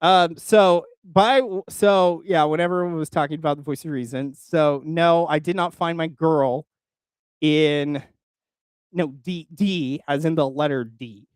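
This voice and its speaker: High-voiced man chatting slowly. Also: steady tone, clean tone, dry recording. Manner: rambling, joking, laughs often. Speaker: channel host. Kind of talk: casual chat with live chat.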